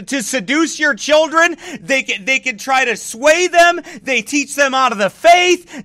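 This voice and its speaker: Fired-up high-voiced male preacher. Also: no room sound. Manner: fired-up, shouting bursts, mocking soft baby talk. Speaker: pastor. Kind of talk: fiery preaching rant.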